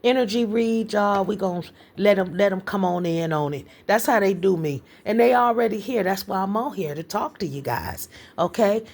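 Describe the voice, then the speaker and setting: Husky-voiced woman giving a spiritual reading. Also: mid-range voice, moderate pace, few pauses, a little mellow. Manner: chatty and repetitive, addresses viewers as y'all; rambling, restarts often. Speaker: spiritual reader. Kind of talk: casual spiritual message to viewers.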